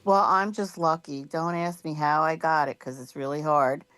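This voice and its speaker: A woman's voice: low voice, moderate pace, fairly bright tone, smooth, no room sound. A woman being interviewed in a casual chat, rambling and filling her talk with "you know" and "like". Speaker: guest.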